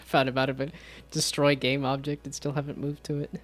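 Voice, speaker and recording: A man's voice: mid-range voice, level tone, normal speed, soft background music. A man chatting casually on a live stream about his game development projects, rambling and self-deprecating.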